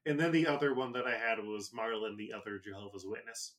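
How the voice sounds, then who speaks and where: Male podcast co-host, casual joking chat, enthusiastic, bright forceful tone. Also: on the low side, quick pace. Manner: enthusiastic, joking, prone to profanity.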